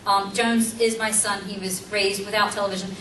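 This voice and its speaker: A woman's voice: medium pitch, level tone, moderate pace. A middle-aged woman giving a conversational teaching seminar, emphatic and full of rhetorical questions to her audience. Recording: roomy, distant mic, faint background hum.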